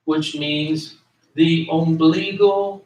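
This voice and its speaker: Slow, echoey lecturing man. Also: fairly high pitch, steady tone, darkish tone. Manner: explanatory, repeats and spells out terms. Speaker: history lecturer. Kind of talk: classroom lecture. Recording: echoey room, voice from a distance.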